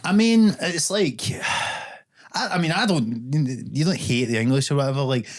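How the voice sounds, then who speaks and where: A Glaswegian man hosts a relaxed podcast chat. He talks in loose, rambling runs, swears casually and slips in dry jokes. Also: on the high side, unhurried. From Scotland. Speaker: podcast host.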